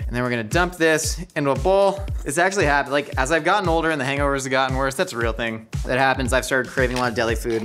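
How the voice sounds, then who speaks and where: A man hosting a cooking show, narrating his cooking with rambling jokes and quick anecdotes. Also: medium pitch, a bit bright. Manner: rambling, joking, doing quick voices for anecdotes. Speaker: host and chef.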